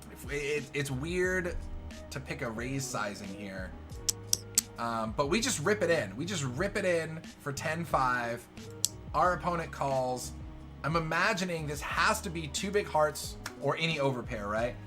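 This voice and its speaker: Excitable joking man calling poker hands. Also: fairly high pitch, measured pace. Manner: excitable, joking, swings from loud cheers to quiet murmurs. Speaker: poker show host. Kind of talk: live poker hand commentary. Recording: music playing behind the voice.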